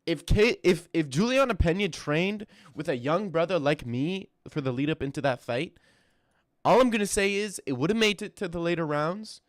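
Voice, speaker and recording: Give me a young male streamer with a slightly high voice, joking and stammering through chat questions, dry sound. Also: lively intonation, moderate pace, no room sound. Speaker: streamer reacting to fight news and chat. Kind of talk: casual live-stream chat.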